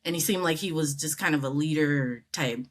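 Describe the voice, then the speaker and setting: A woman's voice: low-pitched, moderate pace. A middle-aged American woman telling a story as an interview guest, acting out the people she quotes with big jumps in her voice. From United States. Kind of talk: casual storytelling.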